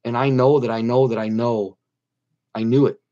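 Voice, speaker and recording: A man's voice: medium pitch, steady tone, normal speed, warm tone. Middle-aged guy telling his story in an interview, earnest, kinda dull lo-fi sound. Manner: earnest, repeats phrases for emphasis. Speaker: guest telling his near-death story. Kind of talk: personal testimony in an interview.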